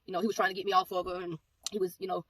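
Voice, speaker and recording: A woman giving a personal testimony, telling the story in a rapid, animated way and acting out the back-and-forth of the exchange. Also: fairly low pitch. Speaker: ministry speaker giving a testimony. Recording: voice a bit far from mic, faint background noise.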